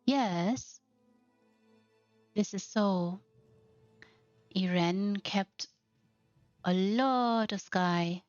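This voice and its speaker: Slow, gushing woman narrating a house tour. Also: mid-range voice, a little mellow, no room sound, dull audio, faint music behind. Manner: slow, effusive, gushing praise. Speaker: host.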